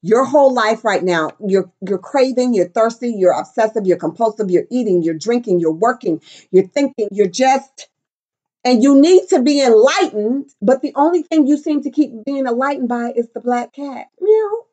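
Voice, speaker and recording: A woman's voice: fairly high pitch, moderate pace, dark tone. A middle-aged woman giving a casual tarot reading, brash and profane, clowning around with silly voices and bits of song. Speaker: tarot reader.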